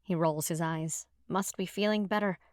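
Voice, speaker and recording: A woman narrating a first-person audiobook in a lively, expressive storytelling manner. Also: lowish voice, normal speed, dry recording. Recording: dry close studio sound.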